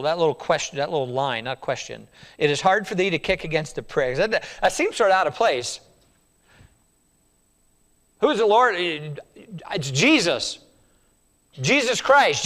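A man's voice: high-pitched, a bit bright. A man preaching a sermon, emphatic and repetitive, putting questions to his congregation.

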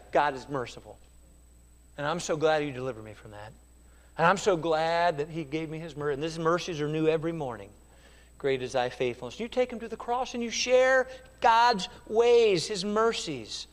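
A man's voice: high voice, lively intonation, brisk, long reverb tail. A man preaching a sermon with fervent rhetorical questions and acted-out quotes. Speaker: pastor.

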